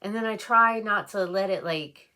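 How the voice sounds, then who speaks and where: Doing her makeup for a get-ready-with-me clip, a woman vlogger talks in an emotional, meandering way stuffed with fillers. Her voice is mid-range, pushed and bright, at a moderate pace.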